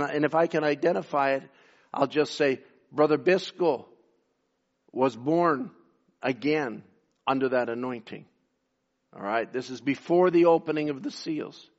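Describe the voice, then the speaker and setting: A man, from Canada, preaching a sermon, building emphasis and dropping into quieter asides. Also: on the high side, highs cut off. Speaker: pastor.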